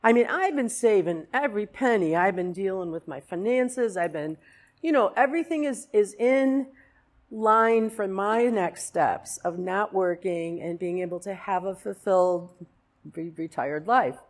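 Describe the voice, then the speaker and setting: A woman's voice: mid-range voice, expressive, unhurried. Earnest woman giving a church testimony. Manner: earnest, rambling, many fillers and restarts. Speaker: congregant sharing a testimony. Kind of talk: personal testimony at a church service. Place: church sanctuary.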